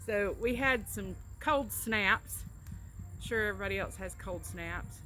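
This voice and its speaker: A chatty middle-aged woman with a Southern Alabama drawl, talking casually and explaining words with small stories. Her voice is bright and forward, and faint background noise sits behind her. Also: mid-range voice, unhurried. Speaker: co-host, travel agent. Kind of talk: casual accent-tag chat.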